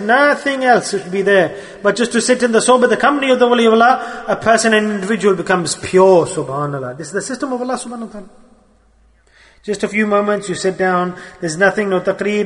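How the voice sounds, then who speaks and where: A man's voice: high voice, brisk, fairly bright tone, long reverb tail. A man preaching a sermon in a mosque, earnest and exhorting, mixing Arabic and Urdu religious terms into his talk.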